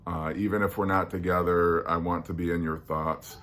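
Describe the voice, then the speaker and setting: A man runs through a countdown on his casual solo podcast, earnest and musing but hesitant, with lots of ums and restarts. He speaks fairly quickly in a low, level voice with a fairly bright tone.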